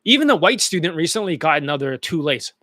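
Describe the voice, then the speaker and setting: A man's voice: on the high side, very animated, fast, sharp tone, dry recording, clean studio sound. A man coaching students in dating, talking bluntly and profanely over testimonial clips in a loose, rambling way.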